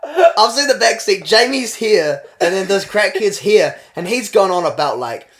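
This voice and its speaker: A young man from New Zealand with a New Zealand accent, co-hosting a podcast and telling a story in casual chat, getting animated and laughing as it goes. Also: sits high, normal speed. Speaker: podcast co-host.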